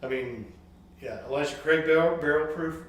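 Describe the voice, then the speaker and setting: A man's voice: a little high, moderate pace, a bit bright. A man co-hosting a whisky review, chatting casually in a goofy, laid-back way. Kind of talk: casual chat. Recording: distant, very echoey, faint noise.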